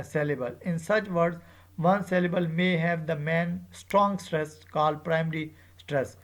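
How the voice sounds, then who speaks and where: Gravelly, hesitant teacher lecturing students. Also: mid-range voice. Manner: hesitant, repeats phrases with many fillers; drawn-out, emphatic example words.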